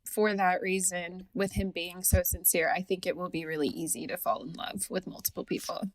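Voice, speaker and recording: A woman's voice: on the low side, flat delivery, fairly quick, dry recording. A woman co-hosting a podcast in casual chat, upbeat and chatty. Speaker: podcast co-host.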